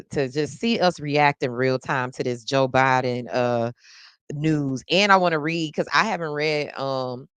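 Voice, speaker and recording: A woman hosting a casual live news-reaction stream. She talks straight to her viewers in an animated, chatty way, exclaiming often and repeating phrases for effect. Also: a bass voice, smooth, no echo.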